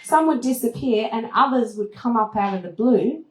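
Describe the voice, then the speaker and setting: Animated woman storyteller in a roomy hall. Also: normal speed, slight background noise. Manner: lively, laughs often, acts out moments with high squeals. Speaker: travel TV host giving a talk. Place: event room at a retreat.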